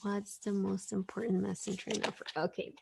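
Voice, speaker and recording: A woman's voice: medium pitch, little pitch movement, normal speed, creaky, a little mellow, a little hiss or hum. A woman hosting an online spiritual gathering, reading oracle cards to the group in a casual, gushing, enthusiastic way over a video call.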